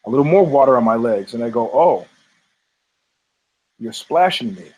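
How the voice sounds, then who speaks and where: A man hosting a podcast, telling a story in a casual, profane, animated way and acting out the people in it. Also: mid-range voice, moderate pace, breathy edge, rough recording. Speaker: podcast host.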